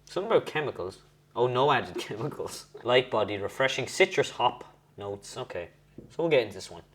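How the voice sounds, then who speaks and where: A man's voice: mid-range voice, very animated, a little fast, a little hiss or hum. Rambling man tasting beer at home. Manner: rambling, self-correcting, chatty. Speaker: host reviewing beers. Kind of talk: casual beer-tasting vlog.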